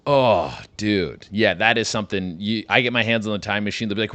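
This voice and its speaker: A man's voice: on the low side, a little fast, hardly any pauses, fairly bright tone, dry recording. A man hosting a comedy podcast, riffing in a rambling, profane monologue and saying "dude" a lot.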